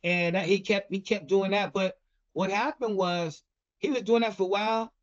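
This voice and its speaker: A man's voice: high-pitched, steady tone, moderate pace. A middle-aged man telling a story in casual talk, rambling with many restarts and "you know". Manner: rambling, repeats words and fillers like "you know". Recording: dull lo-fi recording.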